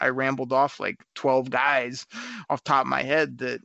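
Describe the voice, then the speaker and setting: A man hosting a casual sports talk show, talking in a rambling, animated way and laughing often. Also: medium pitch, a little fast, gravelly, no room sound. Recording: dry, slightly dull audio.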